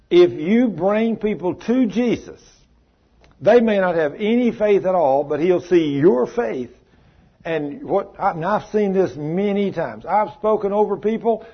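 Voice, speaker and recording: A man's voice: sits high, slightly rough, muffled recording. A man preaching a fervent sermon in a church, mixing stories with scripture reading. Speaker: pastor.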